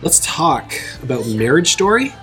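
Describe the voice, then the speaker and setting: Deep-voiced woman host, dry and casual, moderating a film panel, soft music bed. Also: big pitch swings, normal speed. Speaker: podcast host. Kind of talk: casual podcast chat.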